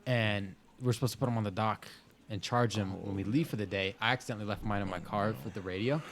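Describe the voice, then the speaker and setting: A young man co-hosting a casual podcast, telling a story in an animated, laughing way. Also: fairly low pitch, quick pace. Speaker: podcast co-host.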